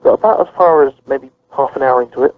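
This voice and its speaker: Casting: dry-humoured British man, gravelly voice, casual chat, dull lo-fi audio. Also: mid-range voice, animated, fast talker, no room sound. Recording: dull lo-fi sound.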